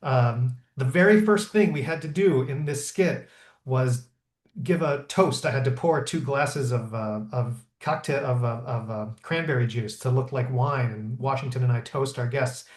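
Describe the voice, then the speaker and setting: A man in his thirties, a historical interpreter, telling stories in a lively way with many fillers and restarts. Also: mid-range voice, normal speed. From Pennsylvania. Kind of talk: conversational storytelling. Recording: roomy echo.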